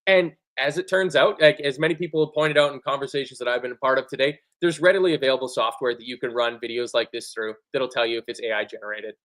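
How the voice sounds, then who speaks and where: A man co-hosting a football fan show in casual chat, animated and sweary, often acting out other people's lines. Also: mid-range voice, fast, hardly any pauses. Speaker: football podcast co-host.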